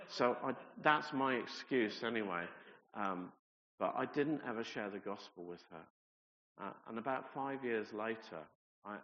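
A man's voice: medium pitch, a bit bright. A man delivers a sermon in an earnest, conversational manner, weaving in personal stories. His voice carries a long echo from a large church hall. The recording is dull and lo-fi. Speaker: preacher. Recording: reverberant hall, dull lo-fi sound.

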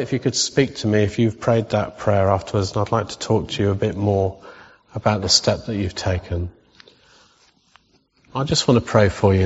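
Gentle preacher in a reverberant hall. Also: male voice, fairly low pitch, fairly even intonation, breathy edge. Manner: gentle, reassuring, slows down for read-aloud prayers. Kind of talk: leading a congregation in blessing and prayer. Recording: long hall reverb, dull sound.

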